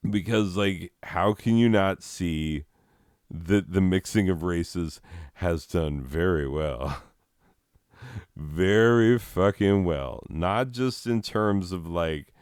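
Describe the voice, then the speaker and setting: A man's voice: sits low, slow, a little mellow, clean tone, dry recording, studio quality. A man doing a crude, sarcastic comedy rant full of swearing. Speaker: comedian ranting.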